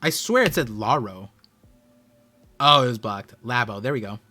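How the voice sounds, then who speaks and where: A man hosting a live stream, reading a comic aloud and reacting with quick, excited outbursts. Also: mid-range voice. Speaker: streamer and host.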